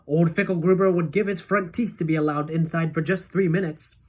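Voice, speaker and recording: A woman voicing an excitable, eccentric male candy maker in a storybook reading, with loud, eager, bossy exclamations. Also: on the low side, brisk, lightly acted. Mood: stern, eager.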